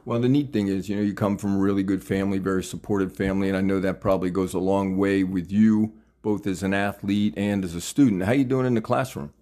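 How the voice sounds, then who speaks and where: Talkative man in his sixties, casual interviewer, eager and upbeat, a bit low-pitched. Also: fairly even intonation, fast talker, hardly any pauses, dark tone. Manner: chatty, enthusiastic, laughs often.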